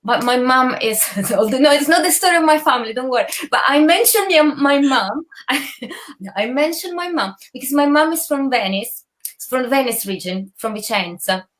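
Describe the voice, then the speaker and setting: A woman's voice: sits high, lively intonation, moderate pace, fairly bright tone. Laughing Italian woman guest on a call. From Turin, Italy. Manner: laughs often, switches into Italian. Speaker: guest, theatre performer and teacher. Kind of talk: casual interview chat. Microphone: video call.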